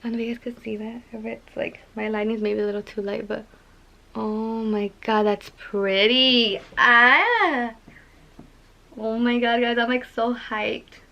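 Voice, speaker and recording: A woman's voice: on the high side, flat delivery, a little fast, gravelly, hardly any pauses, poor audio. A young woman vlogging an unboxing, gushing over each item with gasps and lots of fillers. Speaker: beauty vlogger. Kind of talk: excited unboxing vlog.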